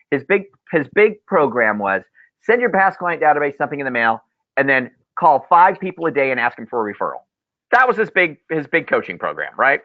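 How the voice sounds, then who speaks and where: A man's voice: mid-range voice, no room sound. A man coaching loan officers in a webinar, telling stories with lots of repeated phrases. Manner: animated storyteller, repeats key phrases. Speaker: mortgage loan officer presenter. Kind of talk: webinar sales coaching talk. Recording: tinny dry phone-like line.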